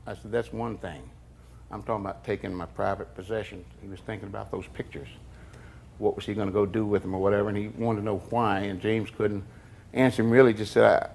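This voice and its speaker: An older man telling stories in a documentary interview, folksy and unhurried, often slipping into quoted dialogue. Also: on the low side, little pitch movement, vocal fry, a little mellow, a little hiss or hum. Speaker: interviewee recalling past events.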